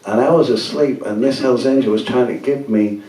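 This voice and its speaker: A man's voice: mid-range voice, normal speed, mellow. Rambling older man, echoey from afar. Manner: rambling, anecdotal, laughing often. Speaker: musician speaking at a book event. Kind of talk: casual talk to an audience. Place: gallery event. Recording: echoey room from far off.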